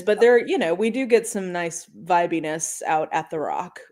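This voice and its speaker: A woman in a casual book club call over video, telling stories in a rambling, animated way. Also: on the low side, normal speed.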